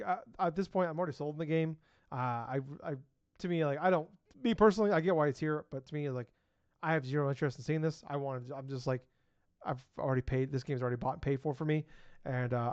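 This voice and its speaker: Higher-voiced casual male podcast co-host. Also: fast talker, darkish tone, dry recording. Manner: casual, filler-heavy, runs through news items. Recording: dull, lo-fi and very dry.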